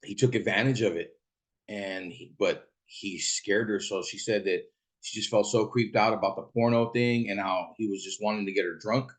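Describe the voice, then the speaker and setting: A man's voice: lowish voice, fairly even intonation. A man who drives for a rideshare app tells a story in a rambling, casual way, swearing freely. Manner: rambling and profane, quick asides.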